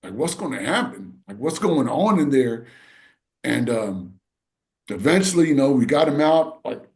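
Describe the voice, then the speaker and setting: A man's voice: mid-range voice, sing-song, normal speed, a little mellow. Middle-aged man telling a heartfelt story. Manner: rambling, full of "you know" and "right". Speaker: podcast co-host. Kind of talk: casual podcast chat.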